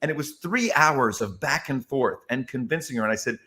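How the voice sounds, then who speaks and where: A man, a comedian, telling stories in an interview with emphatic, expressive delivery that acts out quotes. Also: medium pitch, a little fast, hardly any pauses. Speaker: comedian guest. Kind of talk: animated interview storytelling.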